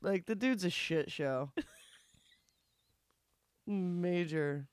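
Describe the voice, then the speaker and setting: A woman's voice: fairly low pitch, expressive, very slow, dry recording. A woman co-hosting a podcast in casual chat, who swears freely, laughs a lot and trails off with ums. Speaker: podcast co-host.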